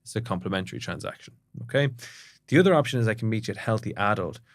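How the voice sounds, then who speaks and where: A middle-aged man, a therapist, explaining ideas in a fast, conversational way and checking in with "right?". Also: fairly low pitch, animated, no echo, studio quality. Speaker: psychotherapist guest.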